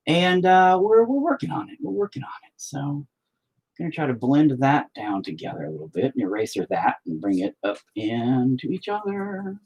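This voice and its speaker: A man's voice: medium pitch, sing-song, normal speed, a little mellow, husky, low-quality recording. A man chatting casually as he paints at home, rambling, swearing often and joking around. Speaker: artist painting on a stream. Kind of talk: casual chat while painting. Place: at home near the dining table.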